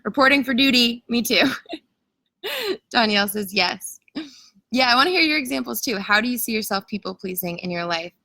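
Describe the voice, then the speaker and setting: A woman with a bright, clear voice talks through a live coaching session, loose and chatty and heavy on fillers. She greets viewers and reads their comments aloud. The sound is dry and close. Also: a little high, very animated, moderate pace, no room sound, low-quality recording. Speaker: coach leading an online challenge. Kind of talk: live-stream coaching talk.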